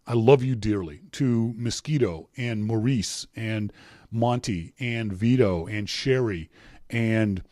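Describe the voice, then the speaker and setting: A man's voice: fairly low pitch, takes it slowly, a little mellow, no echo, clean studio sound. A middle-aged man hosting a casual podcast, reading listener emails aloud with a chatty, teasing manner and frequent laughs. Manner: chatty and teasing, laughs often, many restarts. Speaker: podcast host.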